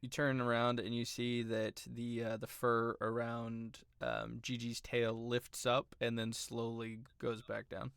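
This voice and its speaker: A man narrating as game master of a tabletop game, relaxed and filler-heavy. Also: medium pitch, measured pace, gravelly, hardly any pauses, smooth, no room sound, clean studio sound.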